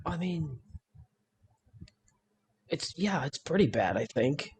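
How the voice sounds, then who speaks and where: A man's voice: on the high side, very animated, slow, darkish tone, slightly rough. A man playing a tabletop role-playing game, chatting casually and bantering in a laid-back way. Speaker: player.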